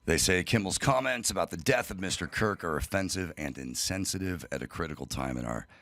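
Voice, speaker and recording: A man co-hosting a talk show, reading a news item aloud in a steady, formal way. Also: sits low, brisk, no echo.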